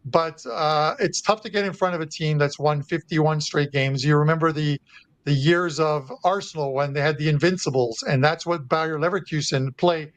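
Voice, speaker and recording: A man's voice: on the high side, moderate pace, no echo. A man appearing as a guest handicapper, talking through his soccer and hockey betting plays in a chatty way. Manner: chatty, with frequent uh fillers and restarts. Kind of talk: sports betting analysis.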